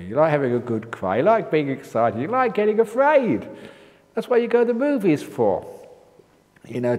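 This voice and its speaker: An older man giving a meditation talk at a retreat, an animated storyteller whose voice jumps high for quoted outbursts. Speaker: meditation teacher. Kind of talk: dharma talk with humorous stories. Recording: reverberant hall.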